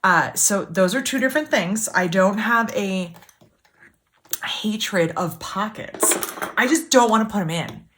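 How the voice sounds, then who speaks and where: A woman's voice: medium pitch, measured pace, a bit bright. A woman hosting a casual sew-along, chatty and self-deprecating, grumbling as things go wrong. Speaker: sewing channel host. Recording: clear background machine noise. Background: sewing machine running.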